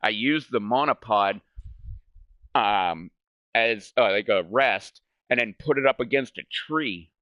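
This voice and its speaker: A man's voice: lowish voice, slow pace, pushed and bright, no room sound. A man hosting a gaming channel, telling a story in casual chat. He rambles, swears a lot and keeps saying "like". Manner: rambling, profane, fills speech with "like".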